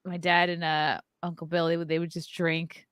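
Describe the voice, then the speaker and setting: A woman's voice: on the low side, flat delivery, normal speed, fairly bright tone, clean tone, dry recording. Chatty woman guest, dry close sound. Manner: chatty, laughs easily, speculative. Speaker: podcast guest. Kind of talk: casual comedic chat.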